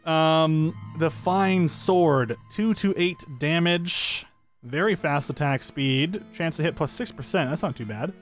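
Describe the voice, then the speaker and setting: A man with a slightly high voice speaks slowly over soft background music. As a gameplay commentator, he gives upbeat, chatty let's-play commentary, thinking out loud while he plays.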